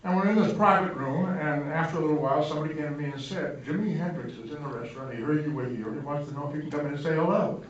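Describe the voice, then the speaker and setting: An older man speaking as guest at a screening Q&A, telling anecdotes in an animated, self-mocking way to an audience in a large hall. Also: a little high, fast, hardly any pauses. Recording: echoey hall, distant, dull, noisy.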